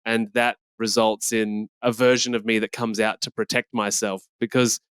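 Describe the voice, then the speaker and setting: A man's voice: lowish voice, flat delivery, normal speed, a bit bright, clear, resonant tone, dry recording. A man interviewing in a casual chat, thinking aloud and circling around his questions.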